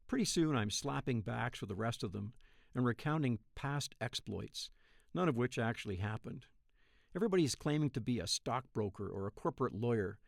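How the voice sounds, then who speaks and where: A man in his thirties narrating a first-person dream story in a wry, profane, deadpan way. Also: mid-range voice, gravelly, no echo, clean studio sound. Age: 30s.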